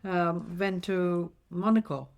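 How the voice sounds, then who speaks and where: A woman's voice: on the low side, level tone, slow, a little mellow, lo-fi sound. A middle-aged woman from India, a mum raising children abroad, chatting earnestly and reflectively as a podcast co-host. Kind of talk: casual chat.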